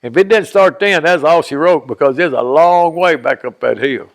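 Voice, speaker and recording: An older man with a gravelly, rough-edged voice set a touch above the usual male pitch, spinning a rambling, folksy childhood tale. He slips into the voices of the people in his story as he goes. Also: moderate pace. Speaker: oral history interviewee.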